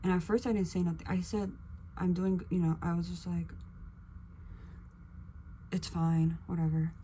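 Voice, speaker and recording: A young woman vlogger chatting casually while getting ready, acting out quotes with sudden whispers and high bursts. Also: little pitch movement, moderate pace, dark tone, slight background noise. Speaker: beauty vlogger.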